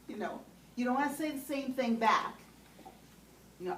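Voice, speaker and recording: A woman's voice: medium pitch, expressive, normal speed, long pauses, fairly bright tone. A woman teaching a class on compassionate listening, often checking in with "okay?" and putting questions to the group. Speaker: trainer. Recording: roomy sound from a distant mic with faint background noise.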